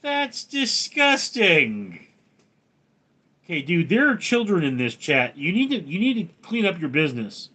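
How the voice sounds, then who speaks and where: A man's voice: a little high, sing-song, brisk, few pauses, a bit bright. A man hosting a livestream, reading viewers' names and questions aloud and answering them with jokes. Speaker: livestream host. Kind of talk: casual livestream chat reading.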